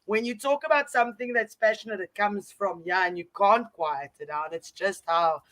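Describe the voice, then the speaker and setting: A woman interviewing a guest in a casual chat, loud and excitable, laughing often. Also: mid-range voice, moderate pace.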